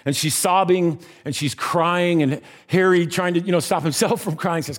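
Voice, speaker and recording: A man's voice: high-pitched, steady tone, normal speed. A man preaching a sermon, telling a story in a conversational way and dropping his voice at tender moments.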